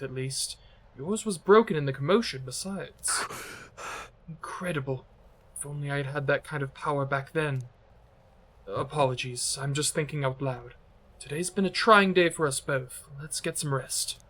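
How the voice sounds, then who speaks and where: A man voicing a weary, solemn soldier mentor in a hammy attempted accent, quietly reading game dialogue. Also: fairly high pitch, normal speed.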